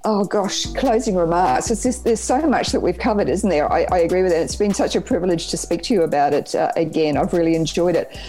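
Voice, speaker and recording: A woman with a New Zealand accent, a guest on a podcast, telling stories in an upbeat, animated way. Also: fairly low pitch, a little fast, soft background music, rough recording. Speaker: podcast guest, business trainer. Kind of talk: casual podcast interview.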